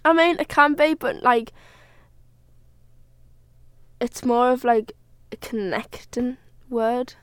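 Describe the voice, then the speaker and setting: A woman's voice: a little high, slow pace, long pauses, clean tone, dry recording. A woman with a Northern English accent co-hosting a podcast in chatty, teasing conversation. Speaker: podcast co-host. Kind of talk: casual chat.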